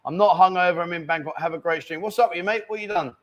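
A man's voice: sits high, quick pace, a bit bright, dull audio. A man hosting a casual live stream from a bar, bantering and reading out viewer comments. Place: bar lounge.

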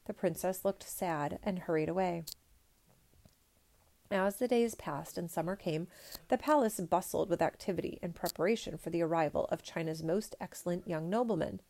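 Gentle woman reading a storybook. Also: lowish voice, normal speed. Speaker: storybook reader. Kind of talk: storybook read-aloud.

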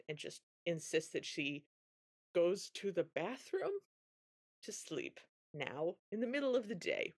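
A woman's voice: fairly low pitch, measured pace, breathy edge. A woman co-hosting a podcast, casually recapping a film and acting out the characters' lines as she tells it. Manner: animated storytelling, acting out quotes. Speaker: podcast co-host.

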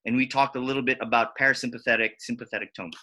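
A man in casual conversation, telling animated stories and acting out what others said. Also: very fast. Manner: animated, acts out quotes with big pitch jumps. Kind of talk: casual storytelling chat.

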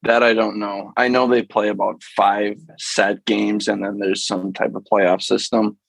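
A man's voice: fairly low pitch, level tone, unhurried, vocal fry, husky, no echo, poor audio. A man co-hosting a podcast, chatting casually about sports in an easygoing, rambling way. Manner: easygoing, rambling, many fillers. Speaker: podcast co-host.

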